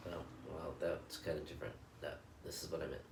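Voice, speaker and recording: A man hosting a daily loving-kindness video, speaking blessings and reflective self-help talk in an earnest, repetitive, gentle cadence. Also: rumbling low, steady tone, brisk. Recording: roomy echo, distant from mic, faint background noise.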